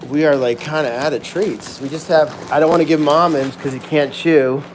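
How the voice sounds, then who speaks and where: Man, slightly high voice, excitable, chatty, casual livestream host, animal sanctuary barn. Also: moderate pace, a little hiss or hum. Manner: excitable, chatty, thanks donors by name. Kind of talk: casual live-stream chat.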